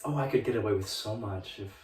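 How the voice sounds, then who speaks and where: A young man playing the tender ghost of a brother who talks softly and haltingly to his grieving sister in a student musical. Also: fairly low pitch, natural voice. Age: young adult. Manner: soft, pleading, halting. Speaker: student actor. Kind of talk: student musical theatre, spoken and sung. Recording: roomy stage sound from a distance, music behind.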